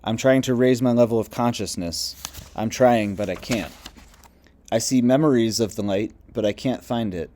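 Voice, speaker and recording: A man's voice: mid-range voice, moderate pace, warm tone, a little hiss or hum, natural voice. A man reading as a confused wandering woman's spirit. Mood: lost.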